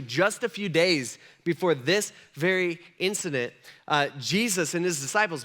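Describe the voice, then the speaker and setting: A man pastor giving a casual, conversational sermon in a church, telling the story with animated energy. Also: on the high side. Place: church sanctuary.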